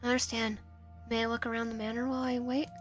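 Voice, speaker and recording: A woman's voice: fairly high pitch, little pitch movement, quick pace, faint music behind. A woman streamer reading a visual novel aloud, narration and player lines, often stumbling and restarting. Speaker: game streamer.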